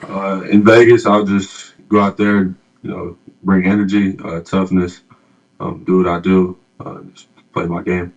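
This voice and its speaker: A young man, a rookie athlete, giving soft-spoken interview answers full of fillers. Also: deep voice, little pitch movement, a little slow, gravelly, lo-fi sound. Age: young adult.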